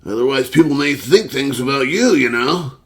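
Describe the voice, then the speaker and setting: A man voicing a big, disapproving rural Tennessee man who lectures in a slow, scornful drawl. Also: mid-range voice, lively intonation, voice pushed up, lightly acted. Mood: lecturing.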